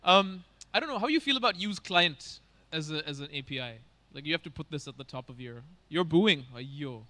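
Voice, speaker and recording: A man's voice: fairly high pitch, expressive, fairly quick, sharp tone. A man from Bangalore, hosting a conference with casual joking stage banter and teasing the audience. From Bangalore, India. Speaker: conference host.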